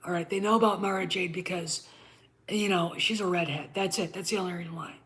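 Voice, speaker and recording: A woman's voice: lowish voice, steady tone, brisk, a bit bright. A middle-aged woman hosting her own channel, ranting bluntly with frequent swearing and repeated "okay?" checks. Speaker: channel host. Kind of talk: ranting commentary to camera.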